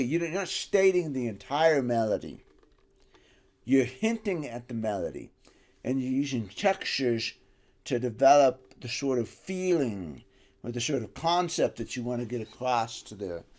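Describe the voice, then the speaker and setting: A man giving a casual music lesson, animated and rambling, dropping to a soft voice and rising loud again as he explains. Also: medium pitch. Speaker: music teacher. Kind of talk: casual instructional talk.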